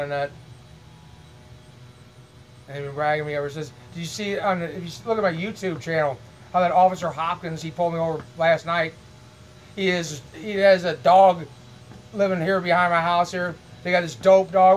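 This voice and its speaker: Middle-aged man vlogging from his home: high, monotone, aggrieved, restarting his sentences as he goes. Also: normal speed, long pauses, low-quality recording. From Illinois, US. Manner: repeats words, restarts, aggrieved. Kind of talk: rambling monologue to camera.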